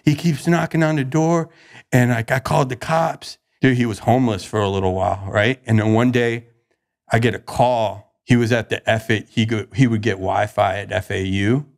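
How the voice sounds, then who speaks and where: A man's voice: fairly low pitch, moderate pace, gravelly. A young man on a podcast, telling his recovery story in a casual, slangy way and acting out the quoted lines. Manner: animated, slangy, acts out quoted dialogue.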